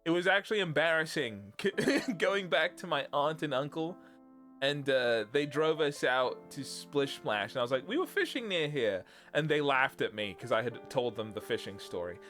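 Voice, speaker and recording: A man's voice: fairly high pitch, animated, normal speed, a bit bright, faint music behind. A young British man, a streamer, rambling through a casual chat and laughing often. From Britain.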